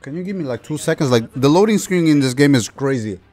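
A young man giving casual commentary over a video game he plays, chatty and quick to get annoyed. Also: on the high side, expressive, a little mellow, soft background music. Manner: chatty, easily frustrated, swears mildly. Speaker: gaming youtuber.

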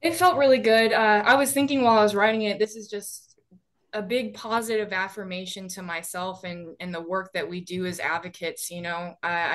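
A woman, an advocate sharing earnest reflections in a workshop, with lots of fillers. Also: fairly low pitch. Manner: earnest, uses many fillers. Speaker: advocate and prevention coordinator. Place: conference workshop room.

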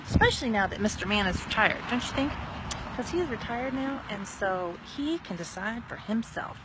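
A woman chatting casually on a live stream while walking outdoors in her neighborhood, telling animated stories and acting out conversations into a phone held at arm's length. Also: on the high side, normal speed, noisy background. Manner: animated chatty storyteller, acts out quotes. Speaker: network marketer.

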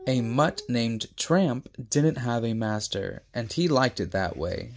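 A man reading a children's storybook aloud, unhurried, with mumbled asides between passages. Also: mid-range voice, lively intonation, darkish tone. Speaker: storybook reader.

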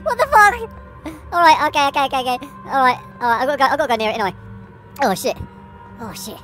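Playing a horror game for a let's play, a woman talks in a high-pitched, rapid-fire voice, swearing nonstop and letting out nervous laughs in her panic, with the game's music in the background.

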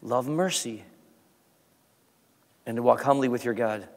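A man, the pastor, preaching a sermon with rising emphasis and then leading a soft prayer. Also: mid-range voice, measured pace. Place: church sanctuary. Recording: long church reverb.

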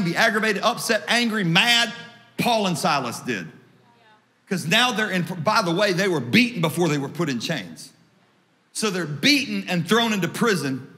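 High-voiced preaching man, bright hall. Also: moderate pace, pauses often. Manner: humorous, animated preaching; rises to shouts at high points. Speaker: pastor. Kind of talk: sermon. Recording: long hall reverb.

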